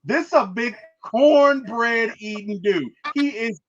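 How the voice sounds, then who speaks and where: A man hosting a movie review, retelling the plot in an animated, emphatic way and checking in with "okay?" and "right?". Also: very high-pitched, slow pace, dull audio.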